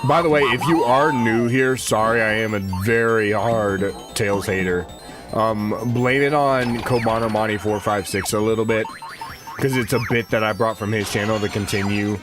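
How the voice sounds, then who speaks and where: A man in his twenties streams a game and chats casually with viewers, rambling, using slang and talking to chat. His voice is fairly low with fairly even intonation at a normal speed, and game music plays in the background.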